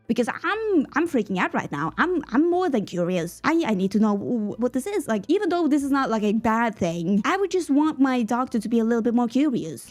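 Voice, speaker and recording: A woman's voice: a little high, a little mellow. A woman in her twenties, chatting and storytelling while commenting on her building game, with playful exclamations. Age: 20s. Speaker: gaming channel host.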